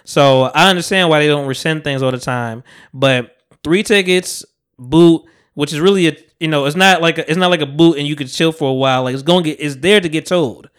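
Casual podcast host, male, animated storyteller, voice a bit on the high side. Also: fairly quick, clear, resonant tone. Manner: animated storyteller, acts out quotes. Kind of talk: casual chat.

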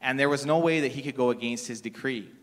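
A middle-aged man preaches a sermon quickly and conversationally, telling stories and casually backing up to restart phrases as in everyday talk. His pitch is ordinary for a man, and a long reverb trails after him as in a large church sanctuary.

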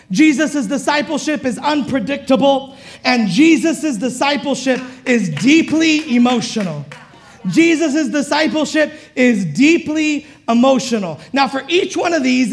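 A woman's voice: sits high, creaky. A woman preacher giving a sermon in a conversational, chuckling way and drawing the congregation in.

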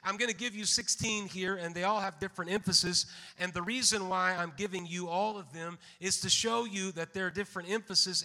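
High bright-voiced preacher in a reverberant hall. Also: male voice. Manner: measured, slows for scripture readings, calls out amen. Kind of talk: sermon.

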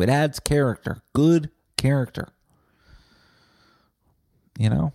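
A man's voice: mid-range voice, lively intonation, unhurried, vocal fry, pauses often, darkish tone, no echo. A man hosting a podcast, delivering a rambling, profane, sarcastic comedic monologue on a close mic. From Winnipeg, Canada. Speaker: podcast host.

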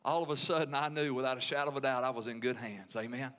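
A man's voice: mid-range voice, fast talker, fairly bright tone. A man with a Southern US accent preaching a sermon as pastor, with emphatic repetition and call-and-response to the congregation.

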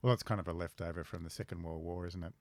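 A middle-aged Australian man co-hosting a podcast, laconic and deadpan in casual chat. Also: low voice, rapid-fire, no room sound. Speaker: podcast co-host.

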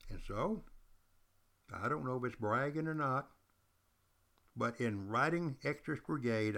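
An older man hosts a podcast with the air of a longtime teacher, retelling history stories. He speaks to his listeners directly, repeating his key points for emphasis, in a voice of ordinary pitch for a man. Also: fairly bright tone. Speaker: podcast host. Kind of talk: storytelling history lecture.

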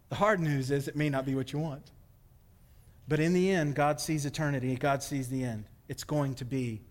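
A male pastor preaching a sermon, animated and telling his own story, acting out his own pleas. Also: medium pitch.

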